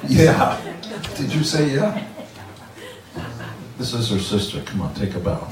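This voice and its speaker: A crowd sits in the background as a man in his sixties, mid-range voice swinging widely in pitch, tells stories a little slowly between guitar chords. His live storytelling for fans is joking, blunt and crude, caught by a distant mic in a roomy event room alongside the guitar.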